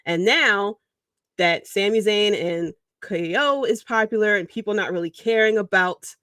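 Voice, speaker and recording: A woman hosts a casual livestream, rambling in an animated way and breaking into little chuckles as she goes. Her voice sits at a middle pitch. The sound is dry and close, with no room echo. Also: unhurried. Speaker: podcast host.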